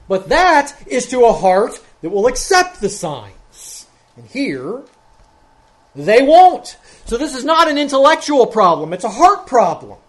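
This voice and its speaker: Male pastor, expository sermon, methodical, verse by verse, increasingly emphatic. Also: very high-pitched. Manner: methodical, walks through verses one by one.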